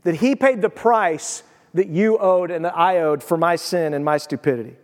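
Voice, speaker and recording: Male pastor, high voice, emphatic and chatty sermon delivery, ringing church acoustics. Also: normal speed, in a large hall. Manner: emphatic, conversational preaching with asides.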